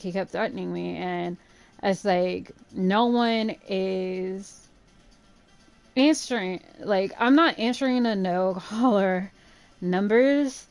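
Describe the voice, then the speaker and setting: A woman's voice: mid-range voice, clear, resonant tone, dry recording. Chatty woman telling a story, dry sound. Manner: chatty, profane, animated retelling with frequent "like". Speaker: gaming channel host. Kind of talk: casual storytelling over gameplay.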